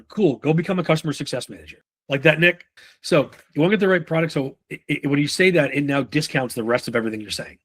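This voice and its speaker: A man leading a live sales training session in a casual, profane way, often acting out quick lines from buyers and reps. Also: mid-range voice, animated, fairly bright tone, slightly rough. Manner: casual, swears freely, acts out buyer and rep lines.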